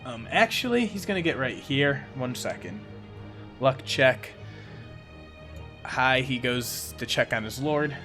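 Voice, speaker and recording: A man narrating as game master of a tabletop game, casual and halting, with many fillers. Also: medium pitch, animated, sharp tone, faint music behind.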